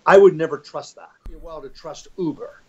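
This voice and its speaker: A man's voice: fairly high pitch, normal speed, mellow, husky. Older guy rambling emphatically in an interview, lots of restarts, kinda muffled recording. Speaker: interview guest, fund executive. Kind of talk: conversational interview.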